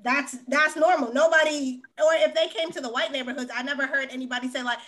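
Bright high-voiced woman host. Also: fast. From Boston area. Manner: animated, frank, swears casually. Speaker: podcast host. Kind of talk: casual chat.

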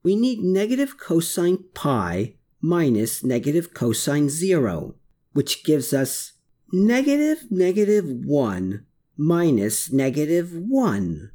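A narrator voicing a reluctant middle-aged man who grumbles and mutters, pitched well above their own voice. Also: sing-song, slow, mellow. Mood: grumbling. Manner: grumbling, put-upon.

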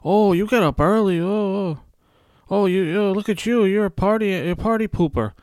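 A sneering night-owl partier, put on by a man who taunts early risers in a high, sing-song voice. The voice sits far above his usual register and is loud. The sound is dry and close. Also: normal speed, no echo. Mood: mocking.

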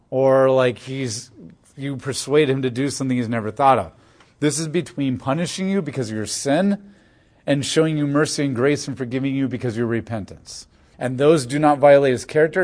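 A man teaching through a Bible passage, reading verses aloud and then paraphrasing them in casual, everyday language. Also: medium pitch.

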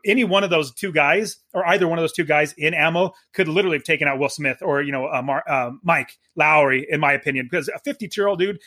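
A man chatting casually as co-host of a movie review, animated and often stammering and restarting his sentences. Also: on the high side, fast, few pauses.

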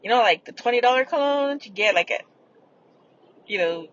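A woman's voice: on the high side, expressive, fairly quick, muffled recording, slight background noise. A woman hosting a podcast, casually telling stories in a rambling way and swearing freely. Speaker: podcast host. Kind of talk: casual storytelling.

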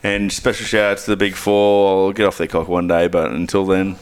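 A man's voice: deep voice, level tone, a little fast, smooth. A man co-hosting a podcast, blunt, crude and joking in casual banter. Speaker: podcast co-host.

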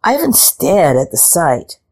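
A woman reading a picture book aloud in a slow, expressive storytelling manner. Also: lowish voice, slightly rough.

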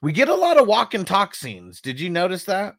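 Gravelly man chatting about a movie. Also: high voice, wildly swooping pitch, brisk, a bit bright, no room sound, studio quality. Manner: laughs often, fillers, imitates punch sounds. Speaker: podcast co-host. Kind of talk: casual movie review chat.

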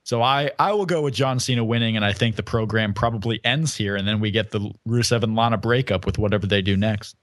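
A man's voice: fairly low pitch, fast talker, hardly any pauses, no echo, studio quality. A man co-hosting a casual podcast, thinking aloud and hedging his predictions. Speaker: podcast co-host.

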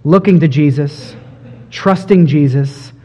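A man's voice: a little high, takes it slowly, warm tone, long reverb tail, lo-fi sound. A man preaching an expository sermon, earnest and emphatic, building in intensity.

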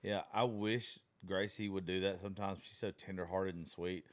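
A man's voice: sits low, steady tone, normal speed. A man in his thirties in a casual chat, rambling with lots of fillers and swearing about his daughter.

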